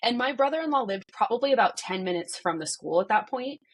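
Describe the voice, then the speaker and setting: A woman's voice: on the high side, expressive, fast, breathy edge. A woman in her thirties, a podcast guest, retelling a personal story with many "like" fillers and acted-out dialogue.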